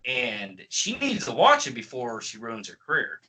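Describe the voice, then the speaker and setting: A man's voice: medium pitch, huge pitch swings, moderate pace, bright, forceful tone, rough recording. A man giving a profane, exasperated ranting movie review as a film reviewer.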